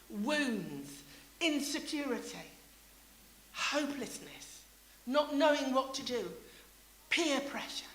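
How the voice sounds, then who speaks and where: A woman's voice: high voice, sharp tone, roomy sound, low-quality recording. An older woman preaching a sermon in a church. She speaks passionately, repeats her phrases and sometimes drops to a near-whisper.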